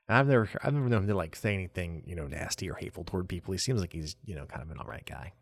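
A low-voiced young man talks through gaming news alone on his podcast. His delivery is loose and chatty, full of restarts and self-amused asides. The sound is close and dry, with no room around it. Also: fast, creaky, no echo. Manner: relaxed and chatty, trails off and restarts, chuckles at himself. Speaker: podcast host. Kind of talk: solo casual gaming news chat.

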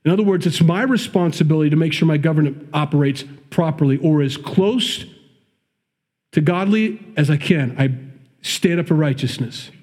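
A man's voice: on the high side, normal speed, darkish tone, breathy edge. A man with a Midwestern accent preaching a sermon, reading scripture and breaking off into conversational, emphatic commentary. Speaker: pastor.

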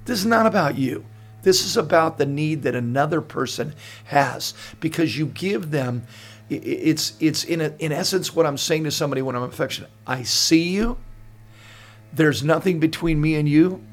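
A man's voice: on the high side, normal speed. An older man hosting a podcast, talking earnestly and telling stories with lots of restarts. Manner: earnest and animated storyteller with frequent restarts. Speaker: pastor and podcast host. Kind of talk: casual podcast conversation.

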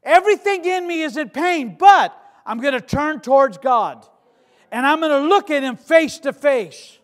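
A man's voice: very high voice, expressive, moderate pace, long reverb tail, voice pushed up. A man in his sixties acting out the words of a grieving, devout widow who pleads with God, speaking fervently in a sermon. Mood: anguished pleading. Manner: fervent, questioning.

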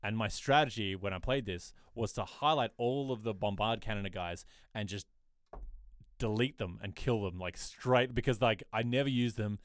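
A man in his thirties co-hosts a podcast in easygoing chat. He is an animated storyteller who keeps jumping into squeaky impressions. His voice sits at an ordinary pitch, and the sound is close and dry. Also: normal speed, dry recording. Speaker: podcast co-host. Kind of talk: casual chat.

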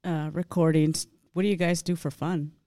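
A woman hosting a casual interview, friendly and encouraging as she asks questions and laughs along. Her voice sits a little low, recorded dry and close. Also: flat delivery, moderate pace, mellow, dry recording. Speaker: podcast host, interviewer.

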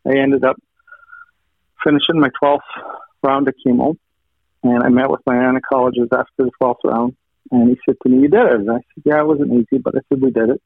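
A man's voice: mid-range voice, expressive, fairly quick, vocal fry, dry recording. A man earnestly sharing a personal testimony, retelling conversations line by line and thanking God along the way. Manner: retells conversations, stacking quoted "he said" lines. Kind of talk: personal storytelling. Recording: thin phone-like line, dry.

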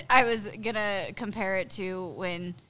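A young woman co-hosting a podcast, playful and quick to laugh, acting out silly voices. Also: medium pitch, fairly bright tone. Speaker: podcast co-host. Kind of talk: casual chat.

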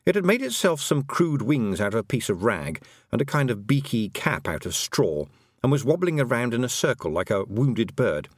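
A man narrating a children's fantasy audiobook, expressive and playful. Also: lowish voice, no room sound, studio quality. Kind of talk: scripted narration.

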